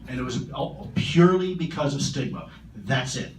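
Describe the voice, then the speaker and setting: A man answering audience questions at a conference, earnest and measured, often repeating his words. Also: mid-range voice, big pitch swings. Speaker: conference keynote speaker. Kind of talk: public Q&A answers. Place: large conference hall. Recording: roomy hall, distant mic, noisy.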